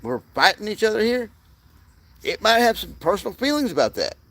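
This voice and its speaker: Gravelly man ranting, swooping pitch. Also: very animated, fairly quick, fairly bright tone, no echo. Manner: profane, rambling, frequent restarts. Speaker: channel host. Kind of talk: rambling monologue.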